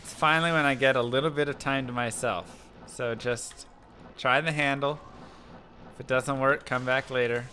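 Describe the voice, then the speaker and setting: A man's voice: medium pitch, normal speed, slight background noise. A man hosting a live game stream, chatting casually and telling stories with frequent laughter. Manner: animated, laughing, storytelling. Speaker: livestream gamer host. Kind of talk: casual chat while gaming.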